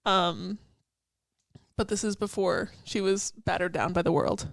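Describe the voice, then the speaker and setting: A woman's voice: lowish voice, measured pace, gravelly, no echo. A young woman co-hosting a casual podcast, talking through song lyrics in a loose, chatty way with lots of "like" fillers, laughs and the odd swear. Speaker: podcast co-host.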